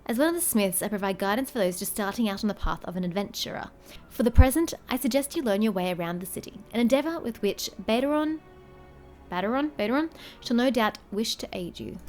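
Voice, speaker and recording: A woman's voice: a little high, expressive, fast talker, darkish tone, soft background music, close to an everyday voice. A woman reading aloud the lines of a formal guide for new adventurers.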